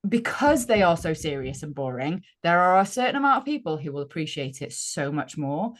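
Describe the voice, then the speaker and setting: A woman co-hosting a casual online panel chat, frank and quick with advice. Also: low voice, sing-song. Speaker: co-host.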